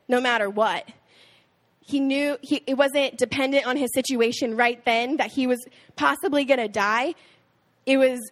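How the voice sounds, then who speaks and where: A young woman, a small group leader, giving a casual, chatty Bible talk to a youth group, with many filler "likes". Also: on the high side.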